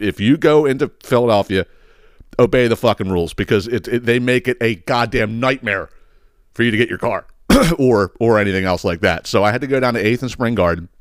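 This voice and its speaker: A man's voice: lowish voice, clear, resonant tone, no echo, clean studio sound. A man hosting a podcast, telling a story as a profane, exasperated rant that rambles and repeats words. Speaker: podcast host.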